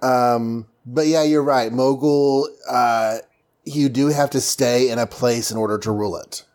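A man's voice: mid-range voice, fairly even intonation, unhurried, darkish tone. A man co-hosting a casual podcast chat, hesitant with fillers and dry asides. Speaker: podcast co-host. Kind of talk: casual chat about comics.

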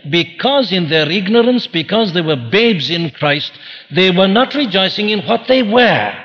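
A man's voice: sits high, expressive, normal speed, in a large hall, dull audio. A man preaching a sermon earnestly, posing questions and answering them himself. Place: church.

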